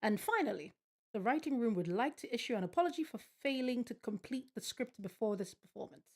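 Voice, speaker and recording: A woman's voice: on the high side, animated, fairly quick. A woman streaming a game, reading its text aloud and reacting with bemused, swearing commentary. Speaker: gaming streamer. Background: game music.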